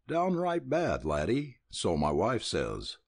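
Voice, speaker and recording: A man's voice: on the low side, huge pitch swings, slow pace, darkish tone, dry recording, studio quality, heavily acted. A man voicing a blunt, curt middle-aged rancher and father. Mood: gruff. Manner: gruff, curt.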